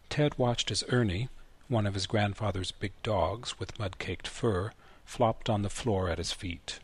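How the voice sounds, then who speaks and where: A man narrating a literary short story in a measured, even way. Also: lowish voice, slightly rough. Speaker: story reader.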